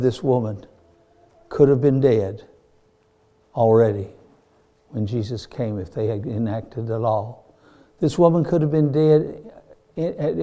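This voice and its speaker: Fervent preacher man, very dark voice. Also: mid-range voice. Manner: fervent, repeats "my friend", rises to emphatic peaks. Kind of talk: sermon.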